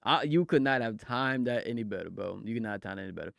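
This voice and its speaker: A man's voice: lowish voice, expressive, quick pace, creaky, fairly bright tone, no echo, clean studio sound. A male streamer chatting casually on a livestream, rambling, laughing often and repeating phrases.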